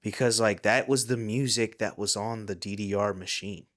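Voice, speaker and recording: A man's voice: fairly low pitch, moderate pace. A man hosting a comedy podcast, rambling through a story in casual chat with lots of fillers. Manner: rambling, animated, filler-heavy. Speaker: podcast host.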